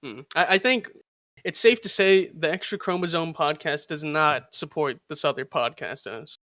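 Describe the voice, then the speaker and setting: A male podcast co-host speaks in a notably high voice, cracking profane jokes and pushing the chat along. The recording is close and dry. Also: normal speed, pushed and bright, dry recording. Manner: joking, profane, eager to move on. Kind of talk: casual chat.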